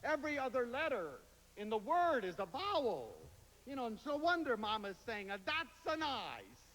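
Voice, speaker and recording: A man giving a lively lecture to an audience, telling stories and slipping into playful voices when he quotes people. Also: extremely high pitch, moderate pace. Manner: animated storyteller, quotes others in playful voices. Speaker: public speaker. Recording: hall reverb, faint hiss.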